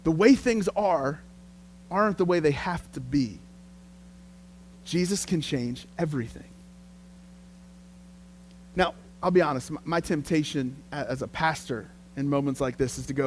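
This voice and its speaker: A man preaching a sermon as pastor, telling the story in a lively, conversational way. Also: fairly high pitch, unhurried, long pauses, a little hiss or hum.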